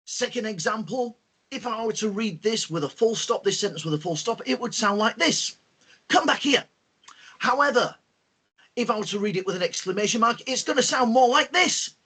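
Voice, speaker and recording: A man hosting an online lesson for school pupils, talking in a lively, expressive teacher's way with plenty of fillers. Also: sits high, brisk, husky. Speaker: host.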